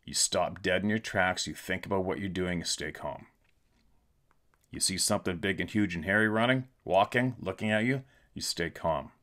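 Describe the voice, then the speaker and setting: Middle-aged male podcast host, deep voice, emphatic and repetitive, casual monologue. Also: fairly quick, fairly bright tone.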